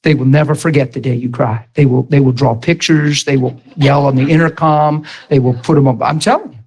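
A man preaching, retelling a story in an animated, emphatic way with lots of repetition. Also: mid-range voice, brisk, slightly rough, low-quality recording. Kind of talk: storytelling sermon.

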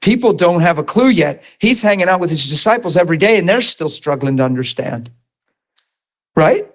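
A middle-aged man, preaching a sermon in a conversational, animated way, with asides to the congregation. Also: sits high, moderate pace. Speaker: pastor.

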